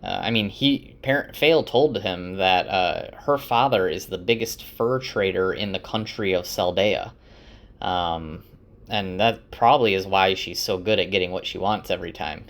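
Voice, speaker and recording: A man casually retelling a novel's chapters for his wife, chatty and relaxed, with lots of fillers and restarts. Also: sits low, measured pace. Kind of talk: casual spoken book recap.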